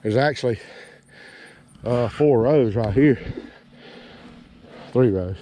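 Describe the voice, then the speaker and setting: A man talks to the camera while working outdoors in a garden field, out of breath and chatty. His delivery rambles in a folksy, self-deprecating way, with a voice of ordinary middle pitch. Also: slow, warm tone, no echo. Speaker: homesteading vlogger. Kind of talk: casual outdoor vlog narration.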